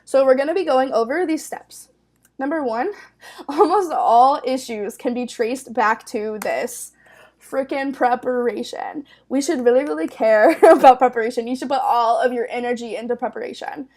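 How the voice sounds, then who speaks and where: A young woman in her twenties leads a training webinar in an upbeat, casual way, her high voice sitting well above most women's. She talks loosely, leaning on fillers and breaking into quick laughs as she explains. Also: darkish tone. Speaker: network manager presenting a training webinar.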